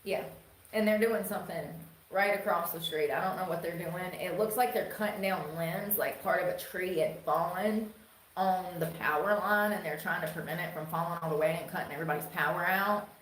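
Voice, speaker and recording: A woman's voice: on the low side, brisk, fairly bright tone. A woman with a thick North Carolina twang rambles and chats on a home livestream, cursing freely as she talks. Her voice bounces around a roomy, echoey space, with faint noise underneath. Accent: North Carolina Southern twang. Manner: rambling, chatty, swears freely. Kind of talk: casual livestream chat. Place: indoors at home.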